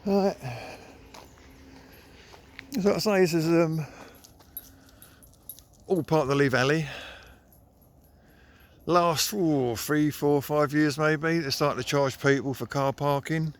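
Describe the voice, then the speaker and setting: A middle-aged man, chatting casually and grumbling while walking his dog outdoors, filming on a phone. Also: mid-range voice. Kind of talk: casual walking vlog chat. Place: outdoors on a park path.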